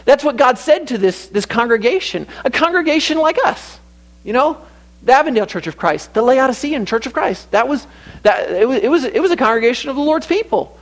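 Man, 30s, preacher, high voice, chatty sermon style, lots of restarts. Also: lively intonation, a little fast. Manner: conversational preaching with personal stories, many restarts.

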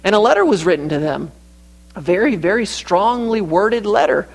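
Man, 30s, preacher, high voice, chatty sermon style, lots of restarts. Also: expressive, moderate pace, vocal fry. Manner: conversational preaching with personal stories, many restarts.

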